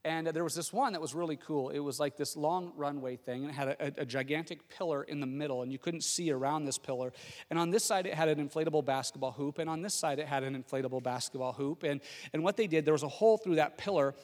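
A middle-aged man preaching a sermon, telling a personal story in a lively way with frequent restarts. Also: on the high side, a little fast, big-room sound. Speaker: pastor.

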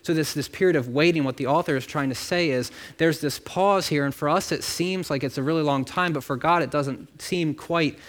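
A man's voice: on the high side, brisk, hardly any pauses. A man delivering a sermon in a loose, conversational manner. He talks directly to his listeners, breaks off into asides and repeats words as he thinks aloud. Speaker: pastor.

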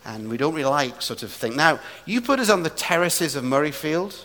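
A man from England preaching a sermon with humor and animated asides, recorded in a large church hall. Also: on the high side, a little fast. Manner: humorous, animated storytelling with quips. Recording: echoey hall reverb.

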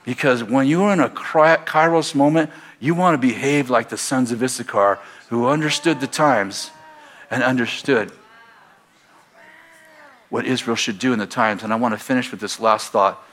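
A middle-aged American man preaching a sermon in a church, telling stories and building to loud exhortation. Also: medium pitch, moderate pace. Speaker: pastor. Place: church sanctuary. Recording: faint crowd in a church. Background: congregation.

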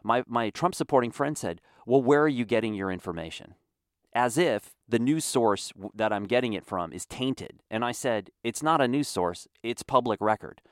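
A man's voice: mid-range voice, expressive, moderate pace, few pauses, dry recording, clean studio sound. A man delivering a heated, exasperated political commentary monologue.

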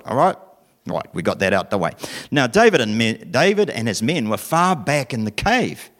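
Brief: playful New presenter, very lively pitch, retelling a Bible story for children. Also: male voice. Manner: animated, playful, asks questions.

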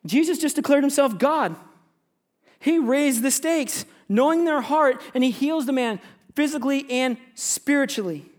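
A man preaching to his church in an animated way, addressing the congregation head-on. He moves freely between teaching and acting out the figures of the passage. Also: very high voice, moderate pace. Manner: animated, addresses congregation directly, acts out biblical characters. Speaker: pastor. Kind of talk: sermon.

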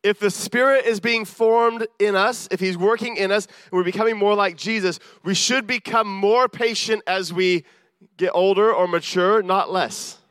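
Pitched high for a man, this preacher's voice is smooth and fairly bright, moving at a normal speed with fairly even intonation. He delivers his sermon earnestly and with self-deprecation, performing the voices of those he quotes. The sound is close and dry, free of room echo.

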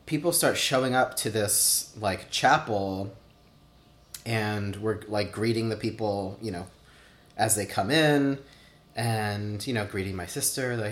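Speaking at a measured pace with a fairly low pitch, a thirtysomething man recounts personal anecdotes for an oral history interview. He's casual and chatty, saying "like" often and performing the quotes, and the recording has a roomy echo.

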